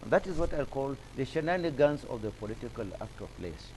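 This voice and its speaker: A man's voice: mid-range voice, animated, a little fast, darkish tone, a little hiss or hum, low-quality recording. A Nigerian man giving impassioned, rhetorical commentary as a guest on a studio talk show, stacking up repeated phrases. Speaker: political analyst guest. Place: television studio.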